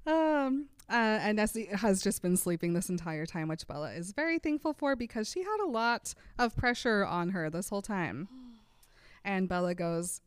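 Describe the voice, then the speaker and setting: Smooth-voiced woman recapping with giggles. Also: mid-range voice, lively intonation, moderate pace, no room sound, clean studio sound. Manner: laughing often while acting out quoted lines. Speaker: podcast co-host. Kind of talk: casual chat retelling a book.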